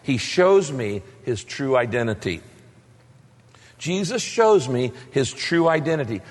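A man's voice: a little high, fairly bright tone. A man preaching a sermon as pastor, emphatic and fond of repeated rhetorical questions. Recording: long reverb of a large hall.

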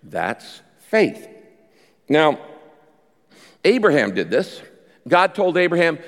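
A man preaching to a congregation, his voice sitting a little high and swinging widely in pitch as he works the room. He acts out the quotes and lets key phrases slow down for weight. His voice carries the long reverb of a large hall. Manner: animated preaching with quick pace changes and voiced quotes. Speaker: pastor. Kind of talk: sermon.

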